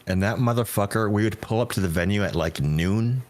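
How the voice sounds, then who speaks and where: Deep-voiced man swapping road-crew stories. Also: a little fast. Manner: swearing, laid-back anecdotes. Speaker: touring stage tech. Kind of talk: casual podcast chat.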